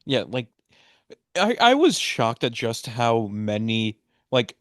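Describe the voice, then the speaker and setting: A man co-hosting a podcast in casual chat, hesitant and quick to laugh. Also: mid-range voice, very animated, no room sound, clean studio sound. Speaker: podcast co-host.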